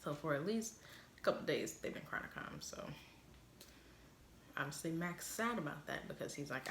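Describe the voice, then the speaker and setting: A woman with a low, deep-set voice runs through a casual spoiler recap, chatty and rambling, dropping "like" and "obviously" all the time. Her voice bounces around a roomy space with a faint hiss underneath. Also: very animated, normal speed, creaky, long pauses, a bit bright. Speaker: vlogger recapping a TV episode. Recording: roomy echo.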